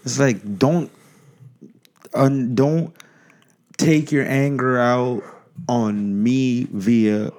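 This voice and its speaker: A man's voice: medium pitch, drawn-out words, long pauses, darkish tone. A man co-hosting a podcast, ranting in casual chat, rambling, profane and emphatic. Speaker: podcast co-host.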